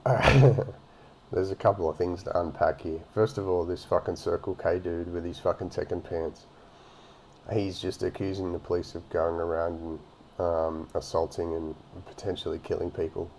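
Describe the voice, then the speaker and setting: A man's voice: low-pitched, little pitch movement, moderate pace, darkish tone, a little hiss or hum. A man giving a profane, mocking rant as he comments on a video. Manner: ranting and mocking, heavy swearing. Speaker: reaction commentator.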